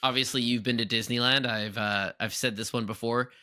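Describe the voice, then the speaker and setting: Bright-voiced animated podcast man. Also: fairly quick, clean tone. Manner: animated, breaks into high exaggerated impressions. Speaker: podcast co-host. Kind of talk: casual chat.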